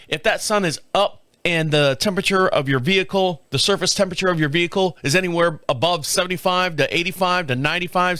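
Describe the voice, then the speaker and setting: A man's voice: a little high, sharp tone, clear, resonant tone, no echo, clean studio sound. A middle-aged man hosting a podcast, telling a long story in a profane, rambling, casual way and acting out parts with laughs and sound effects. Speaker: podcast host.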